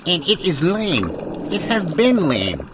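A man's voice: on the high side, wildly swooping pitch, slow pace, noisy background. A man hosting a mock news broadcast in a hammy, rambling, folksy announcer manner. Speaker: comedy news host.

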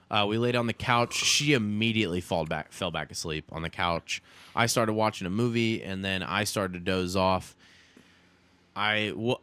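A young adult man co-hosts a casual podcast and tells a story with animated energy, swearing freely. His voice is bright and forceful, sitting a little low, recorded close and dry. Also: clean tone, no echo. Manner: animated, swears often, says "dude". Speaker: podcast co-host.

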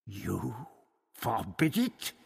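A man voicing a scheming high priest villain in a storybook reading, snarling and hissing his threats. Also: wildly swooping pitch, drawn-out words, vocal fry, slightly rough, big-room sound, heavily acted. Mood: snarling menace.

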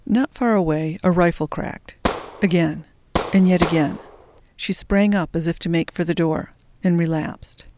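A woman narrating a story in a steady, measured audiobook reading. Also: fairly low pitch, noisy background. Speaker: audiobook reader. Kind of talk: scripted narration.

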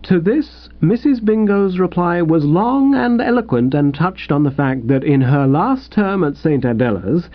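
Animated male comic storyteller. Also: fairly high pitch, a little slow, few pauses. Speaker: audiobook narrator. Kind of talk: scripted comic narration. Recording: dull lo-fi recording.

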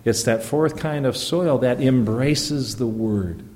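A man's voice: medium pitch, slow pace, dark tone, in a large hall. A man who is a pastor preaching a sermon in an earnest, emphatic way, often stopping to check in with the congregation through rhetorical questions.

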